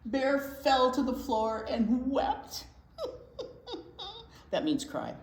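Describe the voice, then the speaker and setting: A woman, a children's librarian, reading a picture book aloud to young children and pausing to talk about the pictures. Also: a little high. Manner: unhurried, expressive reading to young kids. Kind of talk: children's read-aloud storytime. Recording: roomy echo.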